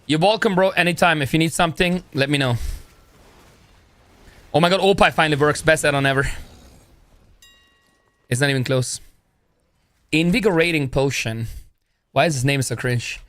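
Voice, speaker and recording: A young man, talking in a loose, rambling, slangy way with plenty of "bro", pitched somewhat high for a man. His voice is close to the mic and dry, with no room sound. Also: normal speed, long pauses, a bit bright, no room sound. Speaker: streamer. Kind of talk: casual live-stream chat.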